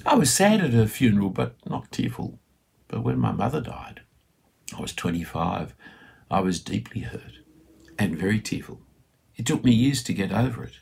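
Male preacher, gravelly, husky, chatty sermon with asides. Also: lowish voice, sing-song, moderate pace, darkish tone. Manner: conversational storytelling with asides and light laughs.

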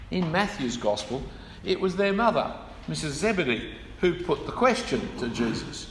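A man preaches a sermon, explaining scripture and leaning hard on key words as he goes. His voice sits a little high for a man. It rings through a large hall with a long reverb tail and faint room ambience behind him. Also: very animated, moderate pace, a bit bright, slight background noise. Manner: explanatory, with emphatic stresses and asides.

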